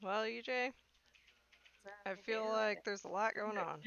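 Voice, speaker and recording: A woman's voice: mid-range voice, unhurried, gravelly, fairly bright tone, slight background noise. Female player, casual musing tone, dull lo-fi sound. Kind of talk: in-character tabletop play.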